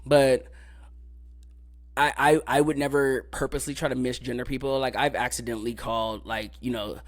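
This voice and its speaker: A man hosting a podcast, ranting in a casual, profane, emphatic way, often repeating filler phrases and jumping up in pitch when fired up. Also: fairly even intonation, normal speed. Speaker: podcast host.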